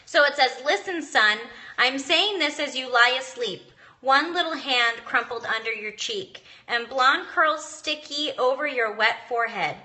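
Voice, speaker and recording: A woman's voice: high-pitched, measured pace, bright, forceful tone. A young mother reading a passage from a book aloud, earnest and emotional, tearing up at times. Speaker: mom vlogger.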